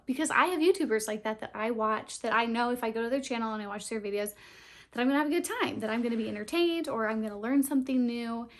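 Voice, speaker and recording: A young woman talking earnestly and openly to camera in a casual vlog, laughing now and then. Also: a little high. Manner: earnest, open, tearful at times, laughs often. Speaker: vlogger starting a channel. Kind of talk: heartfelt casual vlog talk.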